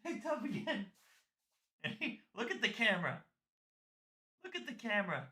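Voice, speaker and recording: A woman's voice: fairly high pitch, very animated, normal speed, pushed and bright. A woman hosting a casual livestream, chatting in slang and cooing baby talk at a dog. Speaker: livestream host opening trading cards. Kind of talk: casual live-stream chat.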